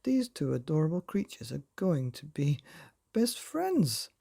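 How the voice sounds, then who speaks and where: A prim, gushing middle-aged mother from a bedtime storybook, put on by a man narrator. She talks in a high, fussy, effusive way. The husky, gravelly grain of the voice stays underneath. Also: big pitch swings, moderate pace, warm tone, heavily acted.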